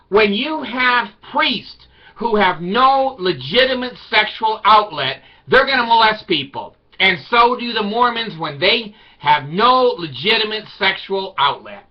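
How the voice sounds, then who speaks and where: Higher-voiced man in rambling wry monologue. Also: animated, measured pace, hardly any pauses. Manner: wry, irreverent, loosely rambling. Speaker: video blogger. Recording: slightly dull lo-fi recording.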